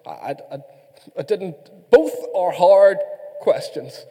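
A man from Ireland preaching a sermon, animated and playful with his congregation. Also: sits high, takes it slowly. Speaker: pastor. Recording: reverberant hall.

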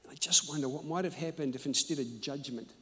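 A man preaching a sermon and telling personal stories, animated and emphatic, moving between loud and hushed. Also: fairly high pitch, fast talker. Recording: echoey hall.

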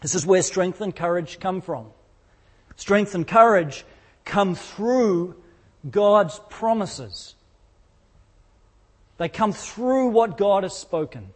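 A man's voice: high voice, lively intonation, slow pace, long pauses. A man preaching a sermon in church, telling the story with energy and acting out the quotes. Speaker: pastor.

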